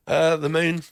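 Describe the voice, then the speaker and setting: A man's voice: a little high, vocal fry, smooth. A man giving a rambling tarot card reading, swearing often and laughing between phrases. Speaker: tarot reader.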